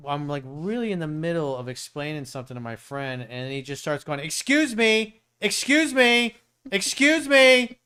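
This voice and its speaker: A man's voice: medium pitch, clean tone. A middle-aged man from South Florida hosting a casual live-stream Q&A, answering questions bluntly with plenty of swearing and stories. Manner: blunt, profane, storytelling. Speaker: dating coach and show host.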